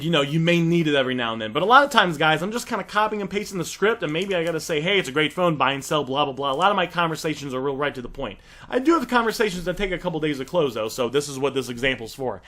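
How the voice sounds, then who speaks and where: A man's voice: on the high side, fairly bright tone. A man casually walking viewers through how he negotiates deals, acting out the text messages as he reads them. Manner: talks straight to viewers, acts out text exchanges. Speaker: online reselling coach. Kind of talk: casual instructional walkthrough.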